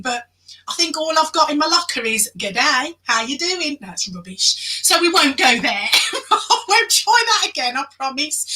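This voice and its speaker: A woman guest-hosting a live online show, chatting loudly and excitably and greeting viewers by name. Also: high-pitched, far from the mic, low-quality recording. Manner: loud and excitable; chatty, reads out viewer comments. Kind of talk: live-stream hosting chat.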